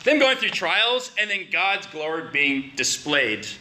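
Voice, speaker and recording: Male preacher, bright and higher-pitched, conversational sermon delivery with emphatic rises. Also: sing-song, a little slow, a little hiss or hum. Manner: conversational, rising to emphatic questions.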